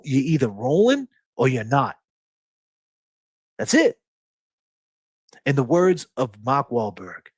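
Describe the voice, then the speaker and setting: A man's voice: fairly high pitch, no echo. Emphatic profane man on a livestream. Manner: emphatic, profane, preachy, repeats phrases. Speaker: livestream host. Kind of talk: casual livestream talk.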